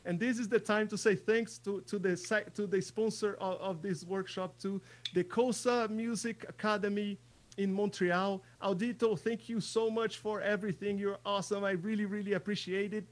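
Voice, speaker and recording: A man teaching an online percussion workshop, chatty, repeating words as he talks, and counting in loudly over a practice track. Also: high voice, fairly even intonation, normal speed.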